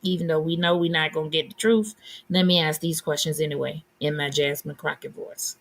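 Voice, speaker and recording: A woman's voice: low-pitched, steady tone, fairly quick. A woman hosting a live stream, giving blunt, sassy commentary and answering her chat. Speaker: livestream host.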